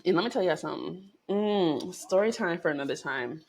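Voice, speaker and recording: A woman vlogger chats straight to her viewers in a loose, profane storytelling style. Her voice jumps up in pitch and volume when she gets excited, then sinks low and quiet for asides. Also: a little fast, gravelly. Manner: animated, profane, chatty storytelling with swings in pitch and loudness. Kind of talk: casual storytelling to camera.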